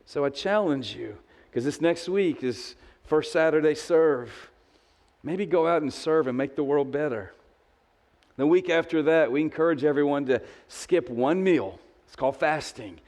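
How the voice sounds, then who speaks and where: A pastor in his fifties delivers a sermon, his voice pitched on the high side with a darkish tone at a moderate pace. He tells a story in a snarky, conversational manner, doing the voices of the people in it.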